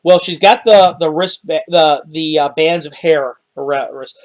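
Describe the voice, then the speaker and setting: A man running a tabletop game as game master, narrating scenes in a halting, descriptive way. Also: a little high. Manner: descriptive, halting, with restarts and quick laughs.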